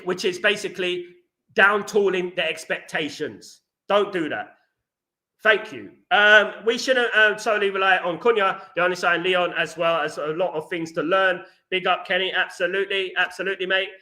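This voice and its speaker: A man's voice: high voice, pushed and bright. A man hosting a live fan stream, reading chat messages and ranting passionately, repeating himself often. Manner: passionate, ranting, repeats "you know what I mean".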